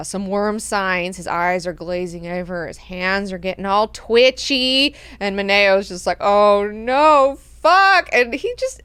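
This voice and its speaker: A woman hosting a book club, casually recapping chapters in an animated, profane, chatty way. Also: fairly low pitch, clean tone, dry recording.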